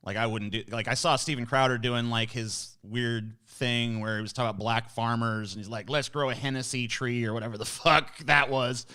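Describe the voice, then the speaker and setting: Bright-toned man joking as host. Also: medium pitch, fairly even intonation, moderate pace, few pauses. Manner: joking, profane, provocative questions. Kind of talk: casual interview chat.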